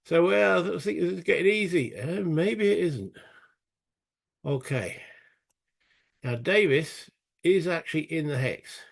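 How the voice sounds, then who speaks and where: A British man talks through his solo wargame turn by turn, thinking aloud and poking fun at himself. His voice sits fairly high for a man and swings up and down a great deal. A gravelly fry runs through his speech. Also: lively intonation, unhurried, long pauses. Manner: chatty, self-mocking, thinks aloud while playing. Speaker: solo board game player. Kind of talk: tabletop game playthrough narration.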